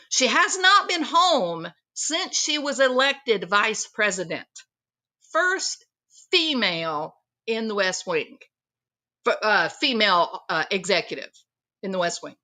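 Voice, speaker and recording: A woman's voice: a little high, sharp tone. A woman hosting her own commentary channel, talking in a sarcastic, mocking monologue. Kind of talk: opinionated monologue.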